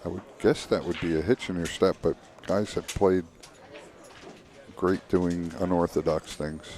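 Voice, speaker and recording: A man gives relaxed, analytical color commentary on a pool match. His voice is very low and dark, with a mellow tone. He talks in a measured, unhurried way.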